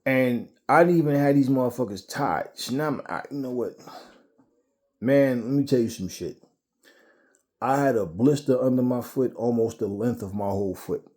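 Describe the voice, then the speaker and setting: Mellow-voiced man telling a rambling story. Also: medium pitch. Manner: profane, rambling, repeats words. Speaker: boxing channel host. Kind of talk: casual storytelling.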